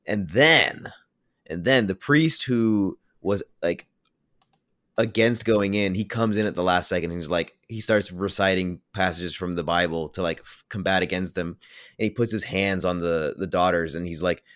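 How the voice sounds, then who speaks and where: Man, very low voice, podcast movie reviewer, casual rambling recap, blunt opinions, dry close mic. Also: moderate pace, fairly bright tone, no echo. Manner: rambling, heavy use of "like"; blunt, offhand judgments.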